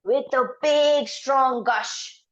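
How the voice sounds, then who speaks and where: A woman telling a folktale as a teacher storyteller, expressive and full of dramatic pauses. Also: high-pitched, dull audio.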